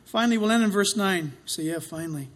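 A man preaching a sermon, swinging between loud outcries and hushed asides, with a dramatic delivery. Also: high-pitched, quick pace.

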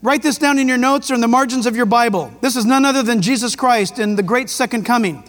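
A man preaching a sermon as pastor, emphatic and excitable, with jokes and rhetorical questions. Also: very high voice, fast talker, faint music behind. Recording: long hall reverb.

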